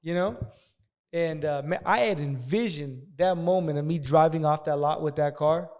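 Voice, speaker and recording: A man casually telling a profane story as a podcast guest, talking fast and acting out the people in it. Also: a little high, darkish tone. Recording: long hall reverb.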